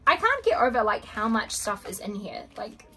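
A woman's voice: on the high side, moderate pace, slight background noise. A young woman chatting casually as she unboxes makeup, gushing and gasping, sometimes dropping to a whisper. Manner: gushing, excitable, frequent gasps and soft whispers. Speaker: beauty vlogger.

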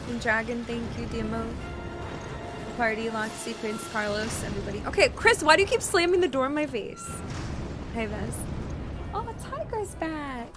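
A woman's voice: a little high, moderate pace. Chatty woman streamer over game music. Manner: chatty, exclaims often, coos softly to her cat. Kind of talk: casual live-stream chat. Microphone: desk microphone. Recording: loud game soundtrack under voice.

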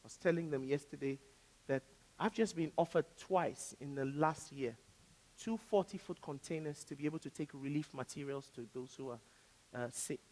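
A woman pastor from Africa preaching a sermon, with dramatic swings between loud declarations and hushed asides. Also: low-pitched, normal speed. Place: church. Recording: reverberant church hall.

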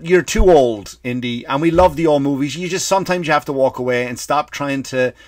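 An Irish man hosting a comedy podcast, ranting and swearing freely, breaking into loud acted-out bursts. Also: mid-range voice, no room sound, clean studio sound. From Ireland. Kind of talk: comedic rant.

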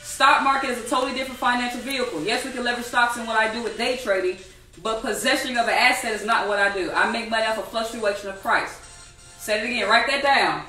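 A woman teaching a live online trading class, animated and repetitive, asking the audience many rhetorical questions. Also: a little high, fast, echoey room, recorded from a distance, faint music behind, poor audio. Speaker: trading instructor.

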